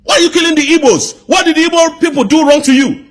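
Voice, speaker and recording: A commentator with a Nigerian accent delivers an angry political rant in an extremely high-pitched, fast voice, firing off indignant rhetorical questions.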